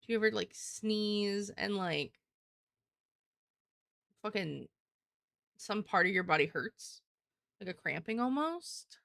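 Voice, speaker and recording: Gravelly young woman streamer, rambling. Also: medium pitch, animated, takes it slowly, pauses often, fairly bright tone, no room sound, studio quality. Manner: rambling, profane, heavy use of "like". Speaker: live streamer. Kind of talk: casual live-stream chat.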